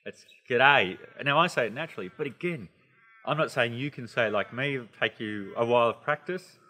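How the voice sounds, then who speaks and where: A man with an Australian accent giving a casual, chatty English lesson, animated and playful, with many asides. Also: medium pitch, fairly quick, long reverb tail. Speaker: English teacher.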